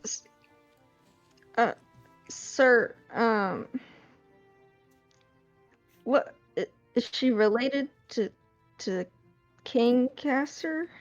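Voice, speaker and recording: A woman playing in a tabletop game, asking halting, hesitant questions over dull, lo-fi audio. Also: fairly high pitch, lively intonation, faint music behind. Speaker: player.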